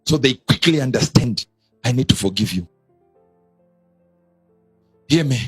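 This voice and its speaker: A man preaching with a husky, lively voice that leaps up in sudden exclamations and sinks low again. The sound is dry and close, with soft music playing underneath. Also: a little slow, no room sound. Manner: animated, sudden high exclamations and drops. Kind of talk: sermon.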